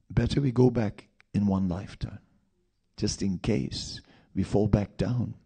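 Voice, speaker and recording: A male preacher talks slowly and unhurriedly, in a low, gravelly voice. His tone is warm and husky, and he tells his story through rhetorical questions and asides. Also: fairly even intonation. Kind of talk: sermon.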